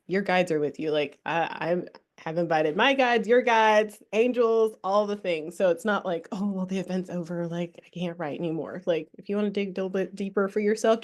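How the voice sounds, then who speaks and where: Laughing, animated woman leading a workshop. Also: mid-range voice. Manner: animated, laughing often, swears casually. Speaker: spiritual workshop host. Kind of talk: casual live workshop talk with guided breathing.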